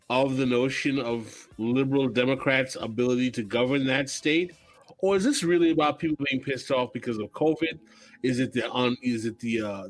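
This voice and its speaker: Man hosting a podcast, firing questions. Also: mid-range voice. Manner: leads the talk by asking pointed questions. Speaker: podcast host. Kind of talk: casual discussion.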